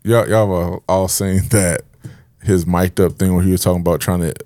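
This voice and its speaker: A man on a casual podcast who tells funny stories and keeps breaking into laughter while acting out other people's lines. He says he is high. His voice sits low, and the room sounds dry and close. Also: fairly even intonation, normal speed, mellow, dry recording. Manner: laughs a lot, acts out quotes in funny voices. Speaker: podcast co-host. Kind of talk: casual chat.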